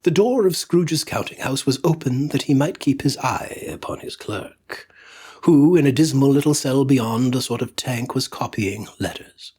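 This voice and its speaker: A man narrating a classic story aloud, expressive and dramatic, at times dropping to a near whisper. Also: mid-range voice, moderate pace, husky. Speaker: audiobook narrator. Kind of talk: dramatic audiobook reading.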